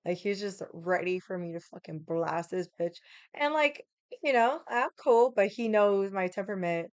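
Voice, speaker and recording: A woman's voice: medium pitch, expressive, moderate pace, smooth, no room sound. A woman telling a story at home, blunt, profane and heated. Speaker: vlogger. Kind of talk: casual storytelling. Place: home room with the AC running.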